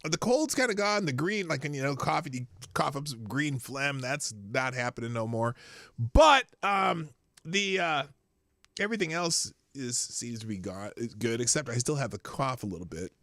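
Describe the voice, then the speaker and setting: A man's voice: mid-range voice, expressive, normal speed, fairly bright tone, no room sound, clean studio sound. A middle-aged man with a lingering cough, rambling casually as he hosts a livestream and greets viewers in chat. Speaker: livestream host.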